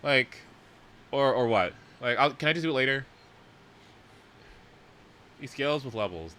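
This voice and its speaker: A young man live-streaming a video game in casual chat, swearing often and swinging from mumbles to shouts. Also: medium pitch, sing-song, moderate pace, long pauses.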